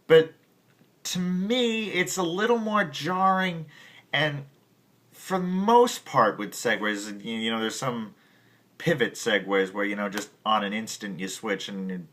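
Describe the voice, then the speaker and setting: A man's voice: mid-range voice, a little slow, a bit bright. A man giving a casual piano lesson, rambling with many restarts and stopping to scat rhythms. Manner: rambling, many restarts, sings and scats examples. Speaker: piano teacher. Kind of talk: casual music tutorial.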